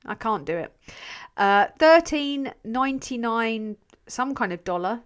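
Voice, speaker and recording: A woman's voice: on the high side, expressive, a little slow, smooth. Rambling, sweary woman streamer. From England. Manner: rambling, sweary, self-mocking, trails off mid-sentence. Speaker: channel host. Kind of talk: casual live-stream chat reading viewer comments.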